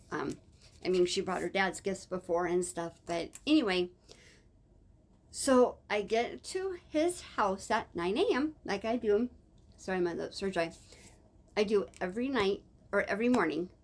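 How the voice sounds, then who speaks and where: A woman's voice: lowish voice, moderate pace, creaky. A woman telling a personal story in a casual, rambling way, with many fillers and self-corrections. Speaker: vlogger.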